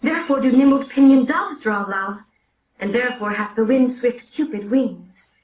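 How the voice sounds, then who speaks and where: A woman reads the part of an eager young girl in love who begs impatiently for news, in a high voice. It is a classroom play reading, heard from far off in an echoing room with faint noise. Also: normal speed, darkish tone, close to an everyday voice. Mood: yearning. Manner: eager, pleading. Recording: roomy, picked up from far off.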